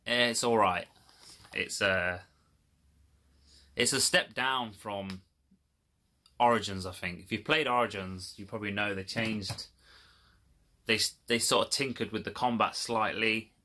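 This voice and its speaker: A man's voice: fairly low pitch, measured pace, pauses often, sharp tone. A man telling a rambling, swearing, exasperated story to his viewers in a casual vlog. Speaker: video creator. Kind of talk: casual rant to camera.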